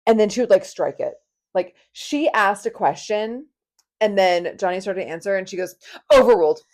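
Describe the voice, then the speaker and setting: A woman's voice: mid-range voice, normal speed. A woman in her twenties co-hosting a podcast, gossiping in casual chat with lots of "like" fillers and frequent laughter. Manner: chatty, gossipy, laughs often, many "like" fillers. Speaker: podcast co-host.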